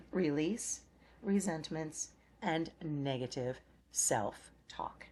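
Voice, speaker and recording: A middle-aged woman talks through an oracle card reading, her voice sitting low for a woman. She takes her time, slow and soothing, circling back over her own phrases as she reflects. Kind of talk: spiritual card reading talk.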